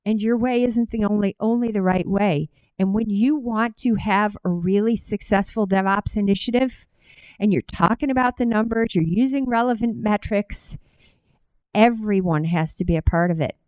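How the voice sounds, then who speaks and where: A middle-aged woman with a Cleveland accent speaks at a conference, telling a story in a lively way and turning often to the crowd. Her voice sits at an ordinary pitch for a woman and is recorded dry and close. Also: normal speed, clean tone, no room sound, rough recording. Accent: Cleveland, Ohio. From Cleveland, Ohio. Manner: animated storytelling, direct address to audience. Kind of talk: conference talk with personal story.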